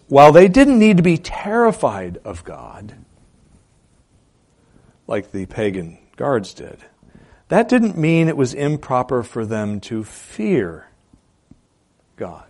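A man preaching a sermon as pastor, asking rhetorical questions and repeating key phrases for emphasis, swinging between loud and soft delivery. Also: mid-range voice, big pitch swings, slow pace, pauses often.

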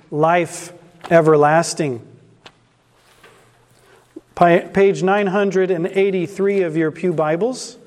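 A man's voice: sits high, darkish tone, in a large hall. A man preaching an expository sermon in a church, asking rhetorical questions and stressing key words.

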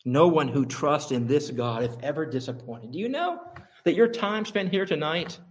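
Emphatic preacher, man. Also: normal speed. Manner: builds to high emphatic peaks, repeats phrases for stress. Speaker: pastor. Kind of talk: sermon.

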